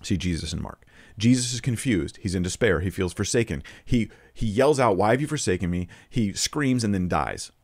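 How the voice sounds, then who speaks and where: A man with a low voice talks through his argument, earnest and argumentative, quoting passages and restarting phrases as he goes. The recording is close and dry, with no room sound. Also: expressive, normal speed, a little mellow, no room sound. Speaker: Christian apologetics video presenter. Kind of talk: casual spoken commentary.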